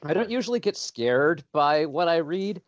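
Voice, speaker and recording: A man's voice: on the high side, lively intonation, moderate pace, no echo, highs cut off. Dry-humored man in a book chat. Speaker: podcast co-host. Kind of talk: casual book-club chat.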